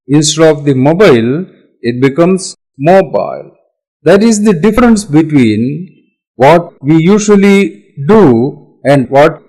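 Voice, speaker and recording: A man with an Indian English accent presents teaching software, explaining each point slowly and deliberately. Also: a little high, rough recording. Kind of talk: explanatory demo talk.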